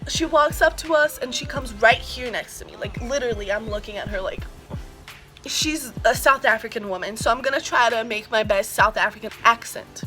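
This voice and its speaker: A teenage girl telling a story on her vlog, slangy and animated, full of "like" and swearing. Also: on the high side, normal speed, faint music behind. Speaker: vlogger.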